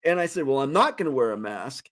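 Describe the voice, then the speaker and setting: Animated storytelling man. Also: medium pitch, fast. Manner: animated storyteller, loud when acting out quotes. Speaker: host. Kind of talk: casual chat telling a story.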